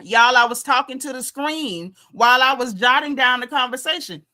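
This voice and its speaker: A young woman with a bright, fairly high voice gives a chatty reality-TV recap. She talks straight to her audience and tells the story with lively, opinionated flair. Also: normal speed. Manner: animated, conversational, talks straight to viewers. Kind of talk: casual reality-show recap commentary.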